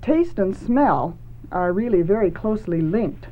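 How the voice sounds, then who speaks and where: A woman's voice: mid-range voice, expressive, measured pace. A woman hosting a talk about books, speaking in a thoughtful, earnest way, over a tinny phone-like line. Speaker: host.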